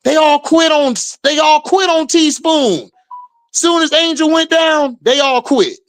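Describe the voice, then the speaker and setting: A man's voice: very high voice, unhurried, fairly bright tone. A man hosting a livestream, casually commenting and reacting to chat, drawling and laughing often in slangy talk. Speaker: livestream host.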